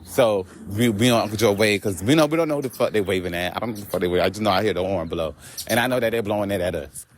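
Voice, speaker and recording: A man vlogging outdoors on a walk, telling a story in an animated, profane rant. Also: on the low side, very fast, a little hiss or hum. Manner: animated, profane, laughing asides.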